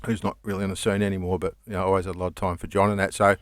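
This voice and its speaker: An Australian man with a low, grounded voice spins long, rambling comedy stories, laughing easily and swearing without fuss. The sound is dry and close to the mic. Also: flat delivery, very fast, no echo. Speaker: comedian guest. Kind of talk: casual storytelling chat.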